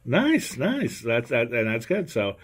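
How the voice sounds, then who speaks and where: A man's voice: medium pitch, wildly swooping pitch, slow pace, a little hiss or hum. A man hosting a casual podcast, rambling and joking with many restarts. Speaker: podcast host. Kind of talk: casual chat.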